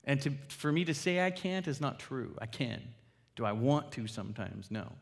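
A man preaching a sermon as pastor, earnest and pleading, dropping to hushed appeals and rising to emphatic points. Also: medium pitch, lively intonation, moderate pace, vocal fry. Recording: hall reverb.

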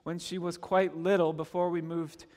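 A middle-aged male pastor from Canada delivering a sermon, earnest and conversational with touches of gentle humor. His voice sits notably high for a man. The sound carries a long reverb, as in a church hall. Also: level tone, moderate pace. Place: church sanctuary.

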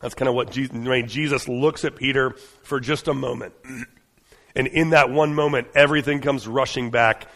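A man's voice: medium pitch, steady tone, normal speed, fairly bright tone, big-room sound. A man preaching a sermon in an earnest, conversational way, often restarting his phrases.

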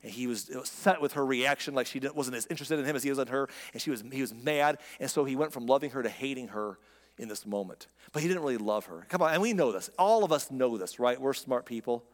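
A man's voice: medium pitch, expressive, quick pace, big-room sound. A man preaching a sermon in a conversational, impassioned way, speaking directly to his listeners. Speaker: pastor.

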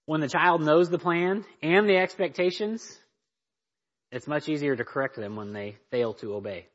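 In a dull lo-fi recording, a man leads a parenting class at church, his voice on the high side and his pace normal. His delivery is emphatic, and he frequently tosses "right?" and "okay?" to the group.

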